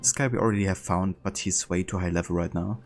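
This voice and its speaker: A man's voice: deep voice, fast, faint music behind. A man streaming a video game live, chatting casually and thinking aloud as he plays. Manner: relaxed, thinking aloud with fillers.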